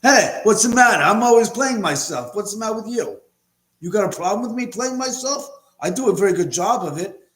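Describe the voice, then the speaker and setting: A man putting on a cocky male movie star with a Boston accent, gruff and combative. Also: high voice, lively intonation, fairly quick, fairly bright tone, pitched above the performer's own voice. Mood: defiant. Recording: echoey room.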